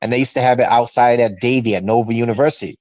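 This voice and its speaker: A man's voice: mid-range voice, very fast, no room sound, low-quality recording. A man in his fifties from Massachusetts, telling stories on a fan show video call and acting out what people said. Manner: animated storyteller who acts out quoted voices. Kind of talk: casual storytelling chat.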